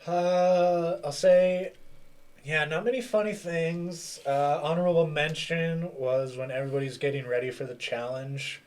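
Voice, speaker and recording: A man's voice: a little high, fairly even intonation, a little slow. A man co-hosting a casual podcast, telling stories easygoingly and mimicking people. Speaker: podcast co-host.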